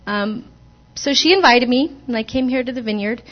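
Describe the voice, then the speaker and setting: A woman's voice: on the high side, normal speed, lo-fi sound. A woman telling the congregation her personal testimony in a church, hesitant and earnest, with many restarts. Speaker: church member giving testimony. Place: church sanctuary.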